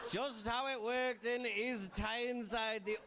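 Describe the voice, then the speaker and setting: A Geordie man with a fairly high voice doing stand-up on a handheld mic in a comedy club. He talks fast and chatty, teasing the crowd, and there is a faint hiss under the sound. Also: fairly even intonation. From Newcastle, England.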